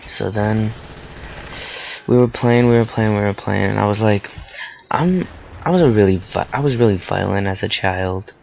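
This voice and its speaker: A teenage guy rambles through a personal story in a low, gravelly voice, stopping to fix his words and filling gaps with ums and uhs. The delivery is offhand and chatty, with a soft hiss of noise underneath. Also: moderate pace. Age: teens. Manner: rambling, with frequent fillers and self-corrections.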